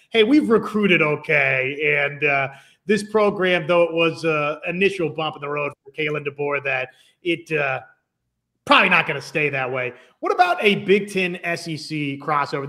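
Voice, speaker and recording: Slightly high-voiced talk show host. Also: male voice. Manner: relaxed, conversational, many fillers. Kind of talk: casual sports talk show.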